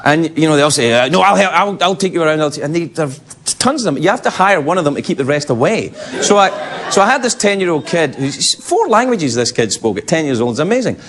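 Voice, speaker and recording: A man's voice: on the high side, sing-song, fast, a bit bright. A man with a Scottish accent telling a rambling comic anecdote on a talk show, laughing through his lines. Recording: live studio with audience laughter and noise. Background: studio audience.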